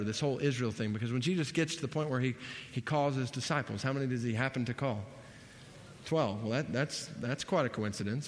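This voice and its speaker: A man's voice: medium pitch, slight background noise. Emphatic male preacher in a reverberant hall. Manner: asks the audience questions and answers them himself; emphatic, repeating key phrases. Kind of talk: sermon Bible teaching. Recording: long reverb of a large hall.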